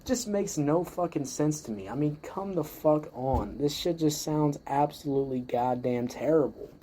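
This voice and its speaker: A man's voice: a little high, normal speed, mellow, a little hiss or hum. A man hosting a music review show, ranting heatedly and swearing constantly while he judges a song. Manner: heated, swears constantly, leans on "you know".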